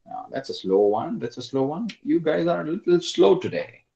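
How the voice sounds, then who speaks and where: A man's voice: a little high, sing-song, normal speed, vocal fry, mellow, roomy sound, lo-fi sound. A male English teacher giving an online class, repeating prompts and coaxing his students to answer.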